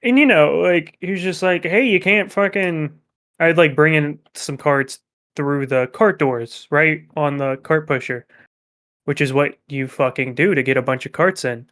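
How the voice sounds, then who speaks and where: A young man co-hosting a podcast, telling work stories in a profane, animated way. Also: on the high side, normal speed. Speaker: podcast co-host. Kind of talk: casual chat.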